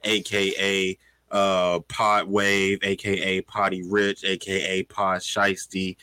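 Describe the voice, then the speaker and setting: A man's voice: deep voice, completely flat delivery, takes it slowly, pushed and bright, clean tone, no room sound. A man hosting a podcast from a basement, bantering casually with friends and laughing often. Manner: laughing, joking, cuts in. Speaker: podcast host.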